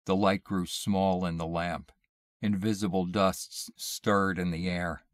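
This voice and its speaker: A man slowly reading a horror short story aloud in a measured, hushed way. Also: sits low, little pitch movement, no room sound. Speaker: narrator. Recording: dry close mic, audio only.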